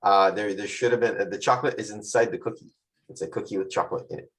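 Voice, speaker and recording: A man's voice: fairly low pitch, fast, low-quality recording. A man hosting a virtual tasting group over a video call, chatting casually with playful jokes and asides.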